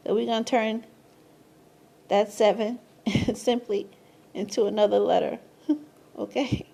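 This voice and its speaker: A woman explaining a number and letter method in a casual monologue, excitable and slangy, who swears, laughs often and keeps asking "okay?". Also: creaky. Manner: rises to high squeals of surprise. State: tired, sleepy at times. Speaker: numerology vlogger.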